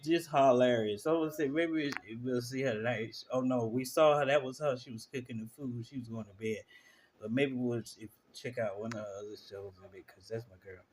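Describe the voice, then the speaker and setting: Guy streaming and reacting to clips, slangy and animated, mid voice. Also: mid-range voice, a little fast, slight background noise. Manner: animated storytelling, slangy, laughs through stories. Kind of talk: casual live-stream commentary.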